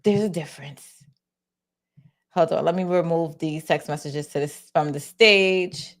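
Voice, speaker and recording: A woman's voice: sits low, unhurried. Chatty woman hosting a live reaction. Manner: animated, mimicking voices, laughing often. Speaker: live stream host. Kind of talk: casual live reaction commentary.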